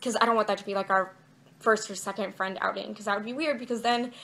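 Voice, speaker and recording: A woman's voice: medium pitch, fairly even intonation, fast, vocal fry, a bit bright. Chatty young woman rambling to camera. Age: young adult. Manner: rambling and chatty, many fillers like "like" and "um". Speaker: vlogger. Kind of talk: casual chat to camera. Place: indoors, outside her bedroom.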